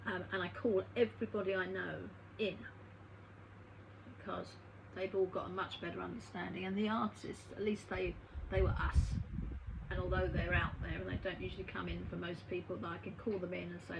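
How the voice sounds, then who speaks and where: A woman's voice: on the low side, fairly even intonation, a little fast, vocal fry. A woman who works as a medium and healer, telling a story in a chatty way and acting out the dialogue. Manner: chatty, acts out dialogue in her stories. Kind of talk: conversational storytelling monologue. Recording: noisy recording with a background hum.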